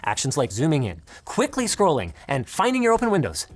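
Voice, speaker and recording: A woman reads a scripted tech review with a lively, swooping delivery. She lists her complaints emphatically and with sarcastic bite, with faint music under her. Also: sits low, a little fast. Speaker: tech video presenter.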